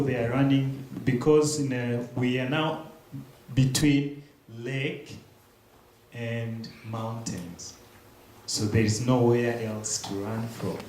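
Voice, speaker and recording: A young man giving a church testimony, telling his story slowly and haltingly with pauses and restarts. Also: medium pitch, darkish tone. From Democratic Republic of the Congo. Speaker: guest speaker. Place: large echoey church hall. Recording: very echoey room, faint hiss.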